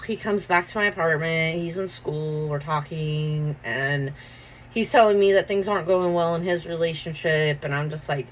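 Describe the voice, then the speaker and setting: A woman in her forties telling a personal story in a loose, profane, animated way, acting out what people said. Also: fairly low pitch, normal speed, a little hiss or hum, low-quality recording. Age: 40s. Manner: profane, animated, acts out quotes. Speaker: podcast host. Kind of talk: casual storytelling.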